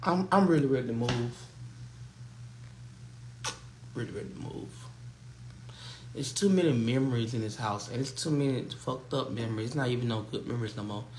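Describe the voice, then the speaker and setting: A man's voice: medium pitch, fast, few pauses, a little mellow, slight background noise. A young man talking to his viewers on a livestream, upset and defensive, his voice strained and tearful. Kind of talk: emotional livestream chat.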